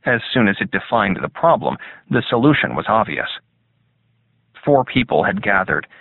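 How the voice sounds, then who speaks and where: Brief: male audiobook narrator, low and measured, thin phone-like sound. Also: very animated, creaky, dry recording. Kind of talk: scripted narration. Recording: tinny phone-like dry sound.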